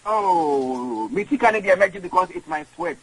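A Ghanaian man talks as a guest in an interview. His voice sits a little high and sounds husky. His pitch swings widely as he rambles and doubles back over his words. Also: very animated, normal speed, fairly bright tone, low-quality recording. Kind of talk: conversational interview.

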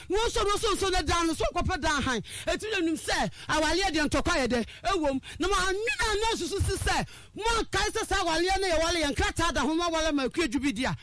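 A woman telling a personal story, animated, acting out the people she quotes and raising her voice at times. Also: sits high, no echo.

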